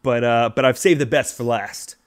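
A man co-hosting a podcast, reading out listener reviews with lots of fillers and restarts in a casual chat. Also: medium pitch. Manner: halting, many fillers and restarts.

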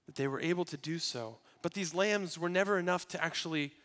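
A pastor with a somewhat higher voice preaches a sermon fairly quickly. Earnest throughout, he swings between loud, emphatic lines and hushed, quiet ones.

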